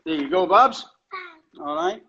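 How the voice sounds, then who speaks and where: A man's voice: high voice, big pitch swings, unhurried, vocal fry, dull audio, noisy background. A man hosting a podcast, chatting casually and laughing easily on a call. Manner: chatty, laughs easily, distracted by home visitors. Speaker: podcast host. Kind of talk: casual chat.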